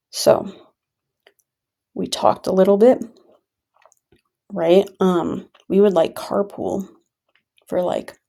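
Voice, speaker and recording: A woman's voice: medium pitch, gravelly, warm tone, husky. A woman venting in a rambling, casual monologue full of fillers and restarts. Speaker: vlogger.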